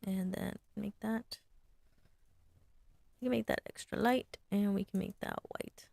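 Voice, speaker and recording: A woman's voice: medium pitch, steady tone, measured pace, vocal fry, a little mellow, no echo. A woman sign designer talking casually through her design work, thinking aloud and muttering to herself at a desk mic. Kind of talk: casual screen-share design walkthrough.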